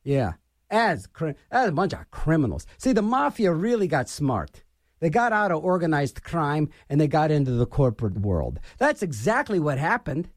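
A man's voice: on the high side, big pitch swings, moderate pace, no echo, studio quality. A middle-aged man hosting a radio show and delivering an opinionated political rant, scornful and repeating his phrases for emphasis.

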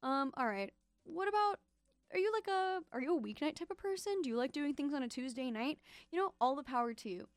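A woman's voice: high voice, animated, brisk, dry recording. A young woman hosting a radio show, chatting casually in a rambling, playful, self-interrupting way between event listings.

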